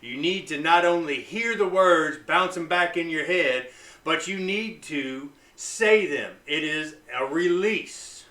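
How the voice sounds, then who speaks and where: A blunt, profane man talks straight to camera in a bright, forceful voice. He swings from loud hype to low, intense talk. He stands back from the mic in an echoey room. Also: takes it slowly, recorded from a distance. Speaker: vlogger on fasting. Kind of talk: casual motivational talk to camera.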